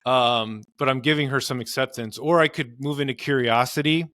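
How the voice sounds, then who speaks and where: A man's voice: mid-range voice, steady tone, moderate pace, a bit bright, no echo, clean studio sound. A man, a marriage and family therapist, explaining in earnest conversational interview advice with frequent fillers. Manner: earnest, explanatory, many "you know" fillers.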